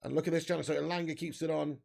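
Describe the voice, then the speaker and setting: A young man hosting a live football watch-along, bantering with the chat, swearing freely and shouting out on big chances. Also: fairly high pitch, little pitch movement, rapid-fire, creaky.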